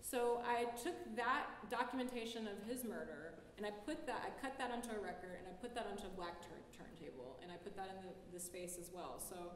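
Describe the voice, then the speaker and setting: A woman's voice: medium pitch, fairly quick, hardly any pauses, a little hiss or hum. A woman artist giving a casual public talk in a lecture hall, loose and chatty, peppering her speech with "like" and laughing easily.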